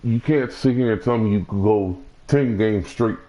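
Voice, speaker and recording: A man's voice: fairly low pitch, moderate pace, dark tone, low-quality recording. A young man talking casually about a video game he plays, rambling with many restarts and fillers. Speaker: gaming streamer. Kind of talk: casual gaming commentary.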